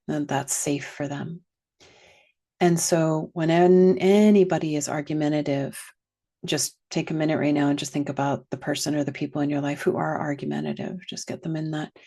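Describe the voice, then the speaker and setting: Woman, low voice, gravelly, guided teaching, slow and gentle, drifts into whispers. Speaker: wellness teacher.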